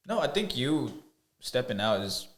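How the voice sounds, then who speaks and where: A young man in casual conversation, soft-spoken and hesitant, with many filler words. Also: mid-range voice, sing-song, measured pace. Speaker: podcast co-host. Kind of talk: casual chat.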